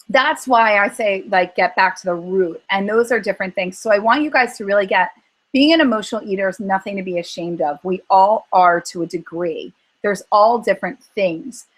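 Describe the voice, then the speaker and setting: A woman speaks to a group on a call as a coach, earnest and animated, slipping into quoted inner thoughts to make her points. Her voice sits at an ordinary middle pitch for a woman. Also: poor audio. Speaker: weight-loss coach.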